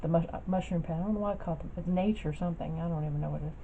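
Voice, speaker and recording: In rapid-fire speech and a fairly low pitch, a craft vlogger rambles through a casual show-and-tell, full of fillers and restarts, as she holds her projects up to the camera. The sound is dull and lo-fi, with faint noise.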